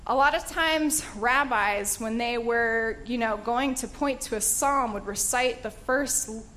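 A woman's voice: fairly high pitch, measured pace, fairly bright tone, a little hiss or hum. A woman teaching a casual Bible study in a chatty, enthusiastic way, with fillers and laughter.

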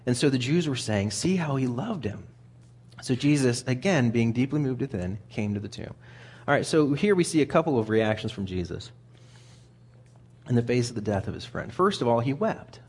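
A man's voice: mid-range voice, animated, normal speed, darkish tone, husky. A man preaching a sermon in a conversational way, often repeating words as he thinks aloud.

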